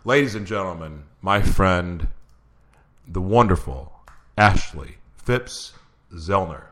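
Male host, bright tense tone, chatty, laughing, voice wearing thin, speaking into a computer mic on a video call. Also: low voice, expressive, slow. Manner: chatty, laughs often, reads an intro aloud. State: losing his voice. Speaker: show host. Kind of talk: live-streamed show, casual chat.

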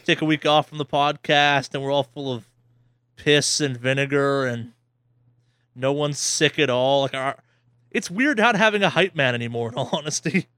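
A man's voice: a little high, moderate pace, fairly bright tone, smooth, no room sound. A man hosting a casual podcast, joking around and swearing while he rambles. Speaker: podcast host.

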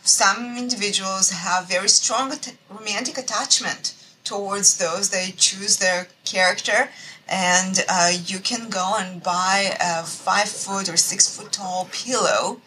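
A woman's voice: medium pitch, fairly even intonation, slow, sharp tone, a little hiss or hum, poor audio. A woman who is an associate professor, explaining her research as a podcast guest with frequent hesitations.

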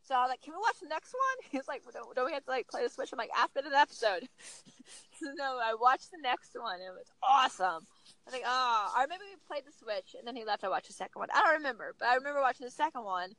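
A woman in her thirties talking casually as a podcast guest, telling stories with lively acted-out quotes. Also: on the high side, quick pace, dry recording, rough recording. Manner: animated storyteller, acts out quotes. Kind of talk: casual chat.

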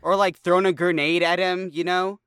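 High bright guy on a podcast, mocking the plot, kinda incredulous. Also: level tone, moderate pace, clean tone, no echo, studio quality. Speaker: podcast co-host. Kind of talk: casual movie review chat.

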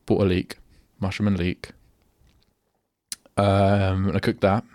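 A man's voice: low-pitched, flat delivery, slow pace, a little mellow, no echo. A young man hosting a solo radio show, rambling and chatting casually, often breaking off mid-sentence. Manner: rambling, self-interrupting, chatty. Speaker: radio host. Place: radio studio.

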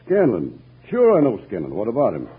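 A smug old frontier land agent. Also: male voice, wildly swooping pitch, slightly rough, exaggerated voice. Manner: low, slow folksy drawl. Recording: tinny, distant old radio recording.

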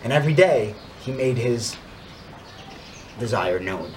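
A man telling a story in a weekly Torah talk, dropping to a hushed tone for tense moments and rising when he urges his listeners on. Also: mid-range voice, lively intonation, unhurried, a little hiss or hum. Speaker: Torah speaker.

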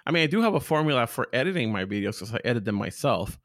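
A man with a Spanish accent whose voice jumps from low to high as he tells crude, funny stories as a podcast guest. His tone is mid-pitched and the recording is dry and close, with no room sound at all. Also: rapid-fire, dry recording. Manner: animated storyteller, big pitch jumps, profane. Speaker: podcast guest, content creator. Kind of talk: casual interview chat.

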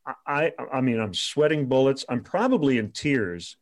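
Middle-aged man, radio sportscaster, casual storytelling, mid-pitched voice, filler pauses. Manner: animated anecdotes, laughing asides, filler pauses.

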